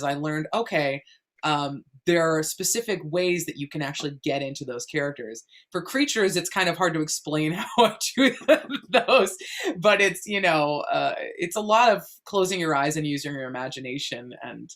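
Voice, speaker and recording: A woman's voice: low voice, lively intonation, moderate pace, fairly bright tone. A woman from the United States, a voice actor answering interview questions in a chatty, explanatory way with many fillers and restarts. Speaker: guest voice actor.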